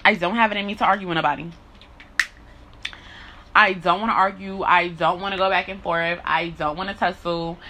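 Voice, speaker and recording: A woman's voice: fairly low pitch, steady tone, normal speed, long pauses, sharp tone, a little hiss or hum. A woman talking bluntly in a candid monologue, swearing often, repeating herself and building into heated rants. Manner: profane, blunt and repetitive.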